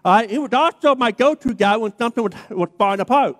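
A man's voice: very high voice, quick pace, a bit bright. A man preaching a sermon as a pastor, telling a story in a chatty way, keeps checking in with the crowd, then builds to emphatic preaching. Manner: chatty storytelling, checks in with "okay?" and "all right?". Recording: long reverb of a large hall.

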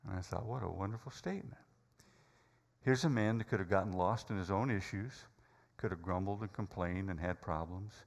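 A man's voice: low voice, fairly quick, gravelly, in a large hall. A man preaching a sermon, telling a story dramatically with hesitant fillers.

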